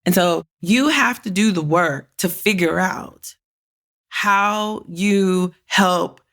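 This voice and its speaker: A woman's voice: lowish voice, slow pace. A woman hosting a career podcast, talking casually and bluntly, swearing freely and acting out her own thoughts. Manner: blunt, profane and animated, with many quoted inner voices. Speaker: podcast host. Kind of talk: casual solo podcast talk.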